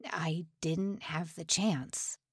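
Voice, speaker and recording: A frightened male prisoner in a dark audiobook, voiced by a woman reader. He speaks in a hushed, trembling near-whisper while trying to keep calm. The recording is dry and intimate. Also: medium pitch, a little slow, slightly rough, no room sound. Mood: fearful.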